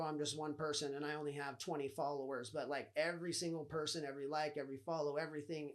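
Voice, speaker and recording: A man's voice: a little high, darkish tone. A young man hosting a podcast, telling his own story in a loose, profane, rambling way with lots of fillers. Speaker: podcast host. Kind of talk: casual storytelling monologue.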